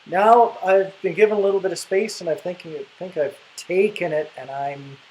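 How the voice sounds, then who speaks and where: A man's voice: sits high, steady tone, moderate pace, darkish tone, low-quality recording. A man co-hosting a casual video, teasing his partner with dry jokes and mock bleeps. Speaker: co-host and partner, playing censor. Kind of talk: casual chat with comic interjections.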